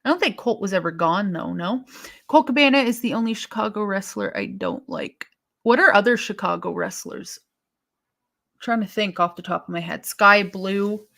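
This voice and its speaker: A woman's voice: mid-range voice, expressive, normal speed, gravelly, pushed and bright. Woman rambling on a live stream, sighs a lot, trips over words, super casual. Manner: chatty, thinks aloud with sighs and restarts. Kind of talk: casual live-stream chat reading viewer comments.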